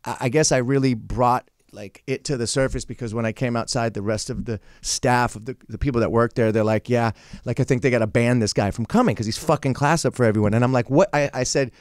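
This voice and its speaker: A man guest on a podcast tells a loose, profane story in casual chat, slipping into the voices of the people in it. His voice sits at a middle pitch. The sound is dry and close, with no room echo. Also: fast. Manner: profane, rambling, acts out quotes.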